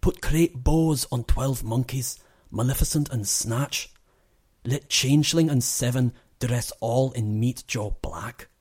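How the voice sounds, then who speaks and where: A man putting on a terrible Scottish accent, reciting a funeral poem in slow, mock-grieving tones. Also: mid-range voice, darkish tone, husky, voice pushed up. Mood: mock-solemn. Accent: put-on Scottish. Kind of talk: dramatic poetry reading.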